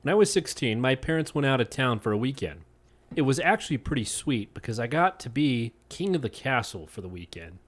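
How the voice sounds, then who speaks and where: A man's voice: mid-range voice, big pitch swings, brisk. Chill podcast guy, mid voice, always arguing the other side. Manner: laid-back, argues the other side. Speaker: podcast co-host. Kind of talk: casual chat and reading stories aloud.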